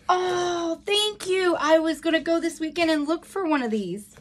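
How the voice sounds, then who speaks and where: A woman in her thirties unboxing a gift on a phone camera, gushing with thanks between slow, halting fillers. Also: very high-pitched, lively intonation, slight background noise. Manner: gushing and grateful, many fillers. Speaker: beauty seller unboxing a gift. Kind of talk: casual unboxing vlog.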